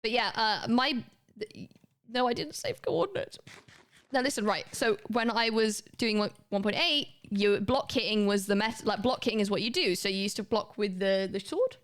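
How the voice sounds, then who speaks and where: A woman's voice: mid-range voice, normal speed, a bit bright. A woman, chatting casually and rambling as she streams a game, swearing now and then. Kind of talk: casual gaming commentary.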